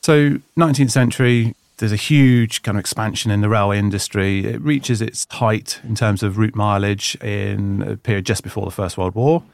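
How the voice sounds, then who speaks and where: A man's voice: lowish voice, fairly even intonation, normal speed, vocal fry, few pauses, dry recording. A man who lectures in history, answering interview questions in a thoughtful, explanatory way.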